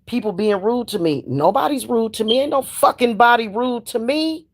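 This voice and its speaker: Profane, animated older woman ranting. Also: a little high, moderate pace. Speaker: spiritual practitioner streamer. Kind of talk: casual ranting monologue.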